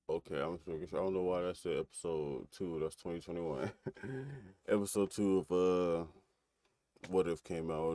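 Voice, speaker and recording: A man's voice: low-pitched, a little mellow, no room sound. A man casually recapping an episode on a stream, rambling with fillers, restarts and laughter.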